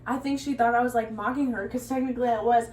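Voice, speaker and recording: A woman's voice: on the high side, fast talker, a little hiss or hum, low-quality recording. Chatty young woman, casual cooking chat. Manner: chatty, animated storyteller. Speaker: youth ministry leader.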